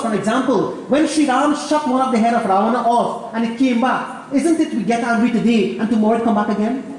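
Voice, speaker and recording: A Trinidadian pundit gives a lively sermon, mixing scripture with jokes and often calling out to his friends. His voice is high and booms through a very echoey hall, with faint ambience underneath. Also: slight background noise. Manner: lively storytelling, addresses listeners as friends.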